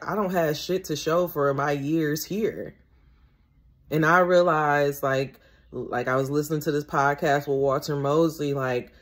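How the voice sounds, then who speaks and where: A young adult woman talking through her feelings in a casual, reflective monologue as a podcast host. She is candid and rambling, swears freely, repeats herself, and her voice rises when she gets emotional. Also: sits low. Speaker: podcast host and tarot reader.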